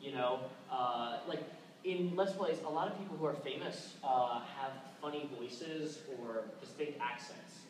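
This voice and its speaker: A man's voice: medium pitch, measured pace. A young man from Tennessee giving a casual convention talk, loose and chatty with lots of filler sounds and restarts. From Tennessee, USA. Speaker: convention panel speaker. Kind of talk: casual presentation. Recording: echoey room recorded from far off, background noise.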